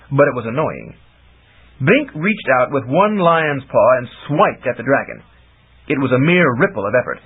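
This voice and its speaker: Animated male audiobook narrator, husky tone, lo-fi phone-band sound. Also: medium pitch. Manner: animated storytelling. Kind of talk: scripted narration. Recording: tinny lo-fi audiobook recording.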